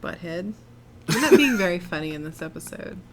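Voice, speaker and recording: A woman co-hosting a casual podcast about a movie, giggly, animated and playfully indignant. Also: on the low side, brisk, slight background noise. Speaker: co-host.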